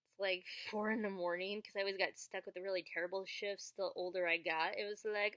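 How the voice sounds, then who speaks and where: A young woman chatting casually to the camera as she answers viewers' questions, acting out quoted lines with sudden high jumps in her voice. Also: steady tone, fast talker, a bit bright, no echo. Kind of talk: casual storytelling vlog.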